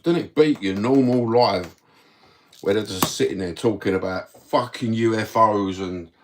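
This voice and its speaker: This Cockney livestream host has a lowish voice and a measured pace, with slight background noise. He chats casually, drifts between topics, and swears freely.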